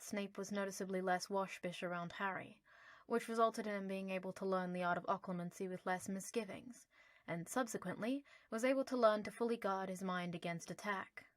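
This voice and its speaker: A woman narrating an audiobook in a lively, playful storytelling manner. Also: medium pitch, dry recording.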